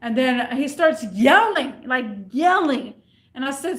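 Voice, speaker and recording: High-pitched retail worker woman, rambly storytime, repeats herself a lot. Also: unhurried. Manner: rambling and repetitive, animated retelling. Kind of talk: casual storytime vlog.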